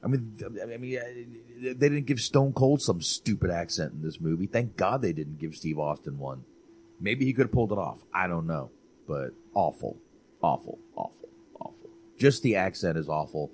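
A man co-hosting a casual movie chat, animated, swearing and repeating himself for emphasis. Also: low-pitched, normal speed, slight background noise. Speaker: podcast co-host.

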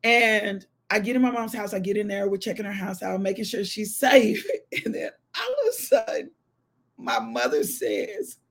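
A woman's voice: medium pitch, very animated, moderate pace, breathy edge. A woman hosting a morning devotional show, chatting casually and laughing with her live viewers. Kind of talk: casual chat.

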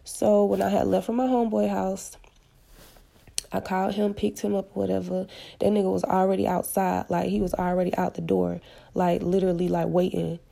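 A woman's voice: mid-range voice, little pitch movement, moderate pace, vocal fry, warm tone. A woman casually retelling a personal story with blunt, slangy, profane candor. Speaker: podcast storyteller.

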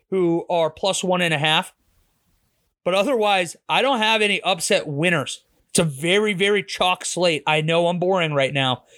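A man's voice: high-pitched, a bit bright. A man from Pittsburgh with a Pittsburgh accent, a podcast host giving blunt, opinionated football picks and swearing freely. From Pittsburgh, USA. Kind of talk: casual sports betting commentary.

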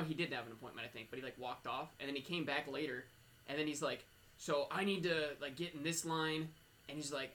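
Fast-talking bright man. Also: a little high. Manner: rapid, chatty storyteller. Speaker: podcast co-host. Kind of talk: casual storytelling chat.

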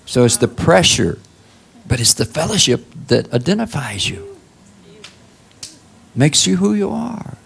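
A man preaching a sermon in a conversational style, prodding listeners with "huh?" and leaping up high for emphasis. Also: sing-song, unhurried, vocal fry, pauses often, a bit bright, a little hiss or hum. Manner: conversational preaching with call-outs like "Huh?" and sudden high exclamations. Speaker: pastor.

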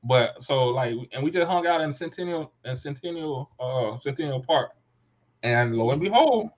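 On a dull lo-fi recording, a man in his thirties with a slightly high voice and lively intonation talks at a normal speed. As a podcast co-host, he tells a rambling, slangy story in casual chat, frequently correcting himself.

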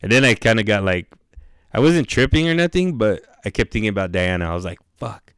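A man with a fairly low, smooth, resonant voice tells a story in relaxed, casual chat. He talks in easygoing slang and swears freely. The sound is dry and close, with no room echo. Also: fast talker. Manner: laid-back, slangy, swears freely, laughs through the story.

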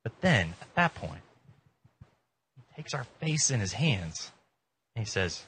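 A man preaching a casual, joking sermon in an informal, animated way. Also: fairly low pitch, a little slow, long pauses, breathy edge. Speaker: pastor.

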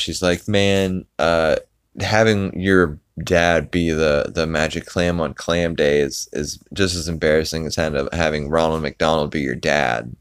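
Podcast host, man, low and smooth, casual rambling recap, frequent fillers. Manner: rambling, laughing, swearing, many fillers.

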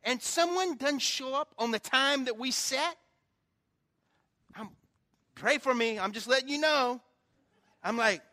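Male pastor with a high, bright voice, delivering a sermon through casual stories and wry jokes at his own expense. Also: a little slow, long pauses. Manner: conversational storytelling with self-deprecating humor.

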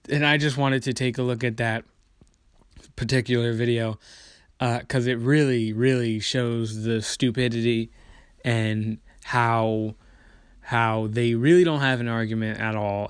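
A man's voice: medium pitch, fairly even intonation, a little slow, clean tone, no echo, clean studio sound. A man hosting a political commentary video, ranting casually with profanity, dismissive asides and lots of fillers.

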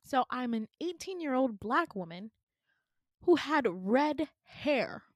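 Animated young woman telling a dream story. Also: high-pitched, slow pace, no room sound, clean studio sound. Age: 20s. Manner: animated, exasperated, laughs often. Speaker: podcast host.

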